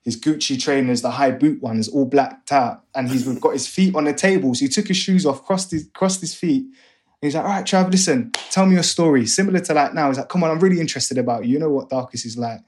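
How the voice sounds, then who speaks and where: A man's voice: fairly high pitch, brisk. A young man, a guest on an interview podcast, telling his story casually and acting out the voices of people in it. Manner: animated, acts out other voices in his stories. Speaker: guest, music A&R manager.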